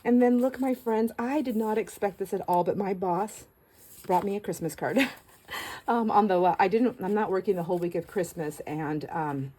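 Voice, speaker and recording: A middle-aged woman hosting a casual crafting vlog. She chats warmly to viewers, gushing and laughing, with frequent restarts. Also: medium pitch, normal speed, slight background noise, low-quality recording. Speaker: craft channel host.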